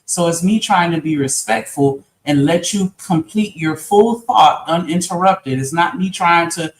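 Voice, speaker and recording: A man's voice: fairly high pitch, a little slow. A man on a live-stream panel, explaining himself earnestly and at length in casual talk. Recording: roomy echo.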